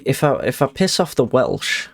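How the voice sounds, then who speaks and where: A man's voice: mid-range voice, animated, moderate pace, gravelly, a little hiss or hum. A man chatting casually on a live stream, rambling and self-mocking, swearing freely.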